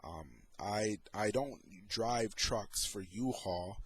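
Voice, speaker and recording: A man's voice: fairly low pitch, fairly bright tone, breathy edge. A middle-aged man talking in a casual, sarcastic way as he comments on photos and his own troubles. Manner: sarcastic, slow and deliberate. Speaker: vlogger.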